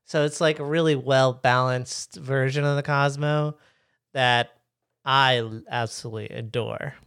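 A man's voice: mid-range voice, steady tone, measured pace, a bit bright, smooth, dry recording, studio quality. A man co-hosting a podcast, telling a story in an easygoing, rambling way with many fillers. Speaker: podcast co-host. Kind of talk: casual podcast chat.

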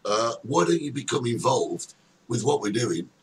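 Man, talk show host, teasing banter, lively intonation, distant mic, faint hiss. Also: medium pitch, moderate pace. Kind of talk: casual chat.

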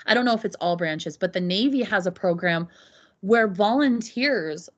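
A woman's voice: medium pitch, lively intonation, normal speed, highs cut off. A woman in her thirties, a podcast guest, speaking candidly and reflectively about hard personal experiences, often restarting her sentences. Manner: earnest and reflective, with frequent restarts. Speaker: podcast guest, Navy mother.

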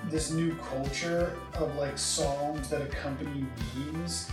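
A man's voice: fairly high pitch, steady tone, slow pace, very echoey, distant mic, over music. A man co-hosting a podcast, chatting casually and rambling with lots of "like". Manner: laid-back, rambling, lots of "like". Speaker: podcast co-host. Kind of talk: casual chat.

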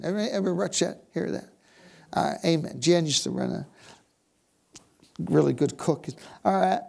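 A man's voice: sits high, creaky. An American man preaching a sermon, exclaiming bursts of praise and dropping suddenly to a whisper. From United States.

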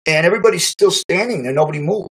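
A middle-aged man casually recounting a memory, animated, acting out quotes and laughing often. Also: fairly high pitch, rapid-fire, poor audio. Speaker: storyteller recalling youth football. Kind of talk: casual spoken memoir.

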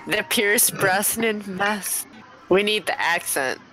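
A woman's voice: mid-range voice, slow, pushed and bright, rough recording. A woman player tossing in wry quips during a tabletop game.

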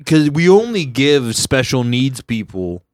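Comedian guy hosting a podcast, middle pitch, jokey and laughing a lot, dry close sound. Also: sing-song, a little slow, no room sound. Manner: joking, laughs often, riffs on bits. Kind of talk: casual comedy podcast chat.

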